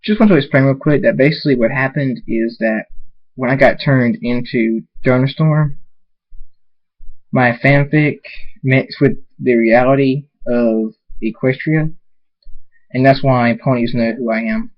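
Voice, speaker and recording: A man reads his own fan fiction aloud, slow and halting, with an unremarkable mid-range pitch. The recording is dull and lo-fi. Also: steady tone. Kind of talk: reading a story aloud.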